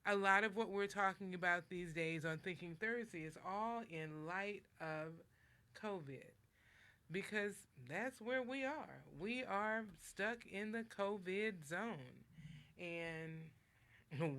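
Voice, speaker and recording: A woman hosting a motivational talk show, speaking deliberately, leading breathing exercises and acting out words in different tones for emphasis. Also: fairly low pitch, a bit bright. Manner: slow, deliberate, guides listeners through breathing. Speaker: host.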